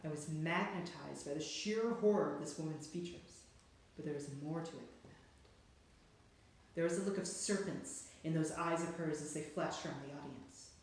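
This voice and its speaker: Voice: medium pitch, moderate pace, heavy reverb, slight background noise. A reader narrating a storybook aloud in a dramatic, suspenseful way. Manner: dramatic, hushed and then rising with suspense.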